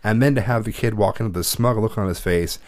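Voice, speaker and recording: Fed-up father, thirties, low and dry, swears freely while recounting. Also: quick pace, no room sound. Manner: heated storytelling, swears a lot. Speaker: parent. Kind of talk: casual chat.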